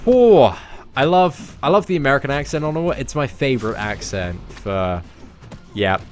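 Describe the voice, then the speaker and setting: This young man speaks with an English accent in a loose, conversational stream chat. His voice sits at a middling pitch but swings up and down freely. Soft music plays faintly underneath. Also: moderate pace. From England. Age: young adult. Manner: chatty and animated, answering chat questions. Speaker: game streamer reading chat. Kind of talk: casual livestream chat.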